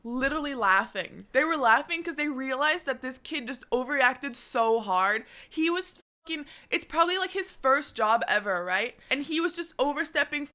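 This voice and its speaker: High bright-voiced woman telling a story. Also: moderate pace, hardly any pauses. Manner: animated, profane, laughs often. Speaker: streamer. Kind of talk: casual storytelling chat.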